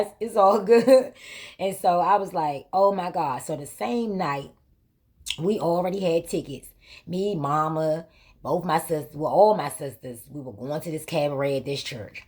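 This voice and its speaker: A woman with a deep, slightly rough voice speaks at a moderate pace on her own vlog. She tells a story in casual, colloquial speech with vernacular grammar, repeating points emphatically and acting out lively quoted exchanges.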